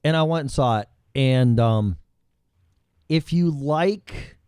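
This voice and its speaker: A male show host riffs in loose, rambling chat, swearing freely and never mincing words. His pitch swings widely as he talks, and his tone is dark and mellow. The sound is dry and close. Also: animated, takes it slowly, smooth, no echo. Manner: rambling, blunt and profane. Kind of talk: casual chat.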